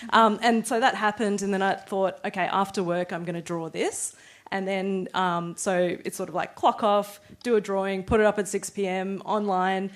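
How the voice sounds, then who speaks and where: A woman's voice: medium pitch, steady tone, moderate pace, few pauses. A woman cartoonist on a discussion panel, talking casually and reflectively with many fillers.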